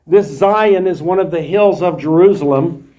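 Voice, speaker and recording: A man's voice: on the high side, normal speed, mellow. A man teaching a verse-by-verse Bible class in a classroom, explaining each verse plainly in his own words. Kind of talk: verse-by-verse Bible study lecture.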